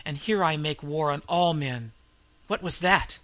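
A man's voice: measured pace, fairly bright tone. Man playing a roaring, mad old innkeeper. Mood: raving. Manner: roaring, wild laughter, raised pitch. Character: insane vengeful male innkeeper, roaring.

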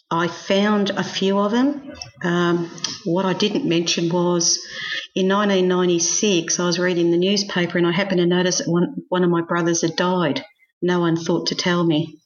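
A middle-aged woman telling her life story in an interview, frank and self-mocking, laughing often. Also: lowish voice. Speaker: guest. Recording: slightly dull lo-fi sound.

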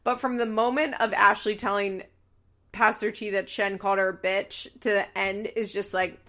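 A woman hosting a podcast, recapping a reality show in casual, animated chat with laughs and swearing. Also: medium pitch, normal speed.

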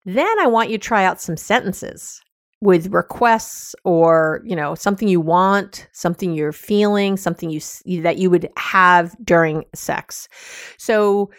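A woman's voice: lowish voice, unhurried, no echo, studio quality. A woman hosting a solo advice podcast, talking frankly and casually, with many fillers and restarts. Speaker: podcast host giving sex advice.

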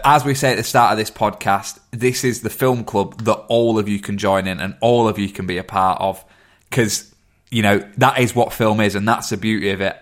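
A man, co-hosting a film podcast in casual chat and announcing results. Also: fairly low pitch. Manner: upbeat, announcing. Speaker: podcast co-host.

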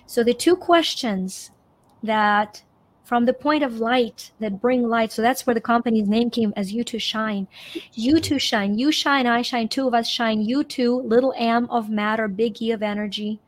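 Expressive woman from Ukraine, higher voice. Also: normal speed. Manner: expressive, emphatic, repeats phrases for effect. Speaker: guest, possibility coach. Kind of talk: conversational interview.

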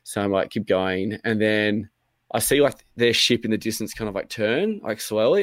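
Aussie bloke rambling through a story, lots of "like", swears a bit, lowish voice. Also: male voice, expressive, moderate pace, no room sound. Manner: rambling, filler-heavy, acts out his own quotes, swears freely. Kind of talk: casual storytelling chat.

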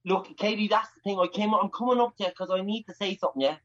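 A man's voice: high voice, quick pace, a bit bright, highs cut off. A man with an Irish accent playing a cocky, boastful male fighter who rambles and swears. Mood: pushy.

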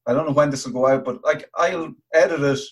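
A man's voice: on the high side, fast. An Irish man, a TV presenter, chatting casually and laughing as a podcast guest. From Ireland. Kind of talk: casual interview chat.

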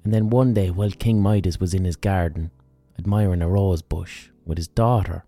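A man's voice: low voice, normal speed, dark tone, soft background music. A man with an Irish accent, a podcast host, telling a story in a casual, earthy way with plenty of slang and swearing. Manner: colloquial, earthy, swears freely.

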